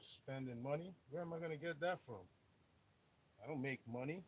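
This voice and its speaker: A man's voice: on the high side, normal speed, noisy background. A man streaming live as a mechanic, explaining engine work bluntly with joking asides. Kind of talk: live how-to stream, casual chat. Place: auto workshop.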